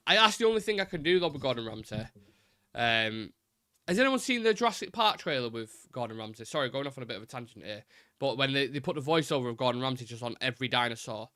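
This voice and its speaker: Male live-stream host, rambling casual chat, bright tone, dry close sound. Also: mid-range voice, expressive, fast, dry recording. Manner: rambling, chatty, swears casually. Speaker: host of a live football fan show.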